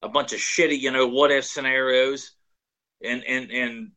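A man's voice: mid-range voice, steady tone, normal speed, sharp tone, poor audio. A man co-hosting a casual podcast, ranting sardonically with many restarts. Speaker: podcast co-host.

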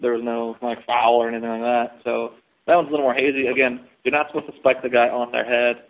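A man hosting a casual sports podcast, chatty and quick, laughing often. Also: mid-range voice, level tone, muffled recording. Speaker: podcast host.

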